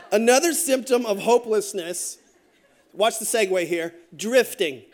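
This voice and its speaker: High-voiced man preaching a jokey sermon. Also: slow. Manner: joking storytelling asides, animated delivery. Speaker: pastor.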